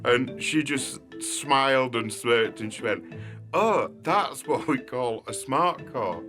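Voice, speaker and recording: A man speaks slowly and unhurriedly, telling an amused, wry story. His voice sits at an ordinary pitch, and clear guitar music plays behind him. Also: expressive. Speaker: eye patient recalling regained sight. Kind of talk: documentary storytelling.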